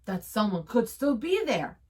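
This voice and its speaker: A woman voicing a big, gruff papa bear who grumbles. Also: fairly high pitch, very animated, measured pace, darkish tone, exaggerated voice. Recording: voice from a distance.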